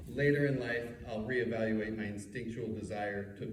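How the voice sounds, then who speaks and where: A man's voice: lowish voice, normal speed, few pauses, background noise. A man in his fifties from New York City, a rabbi reading his memoir aloud with a wry storytelling delivery and asides. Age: 50s. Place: meeting room. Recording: echoey room, mic far off.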